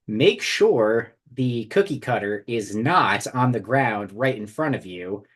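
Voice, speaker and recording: Man, husky and lively-voiced, wry mock-solemn podcast co-host on a call. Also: fairly low pitch. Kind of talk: casual chat. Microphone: video call.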